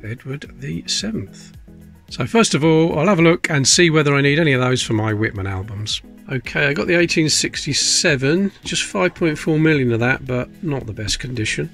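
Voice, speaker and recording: A man's voice: on the high side, lively intonation, normal speed, vocal fry, a bit bright, soft background music. A man hosting a coin-collecting video, chatting casually and muttering to himself as he sorts pennies. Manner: chatty, self-mocking, muttering as he looks closely. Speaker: coin collecting channel host. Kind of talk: casual commentary while sorting coins.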